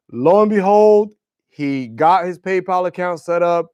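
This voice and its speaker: On his livestream, a young man chats casually, telling loose and profane rambling tales about guitars. His voice sits high and is a little mellow, delivered at a moderate pace with no echo.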